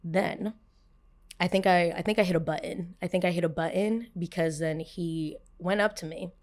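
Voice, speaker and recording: A young woman hosting a podcast, telling a story casually and acting out the people she quotes with a raised voice. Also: normal speed. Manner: animated, acts out quotes with raised pitch. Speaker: podcast host.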